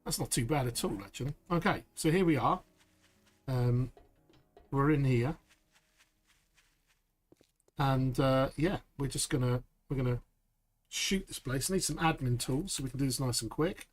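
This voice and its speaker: A man streaming a survival game live, chatty and upbeat, saying "boom" as he works. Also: normal speed, long pauses. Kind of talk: live gameplay commentary.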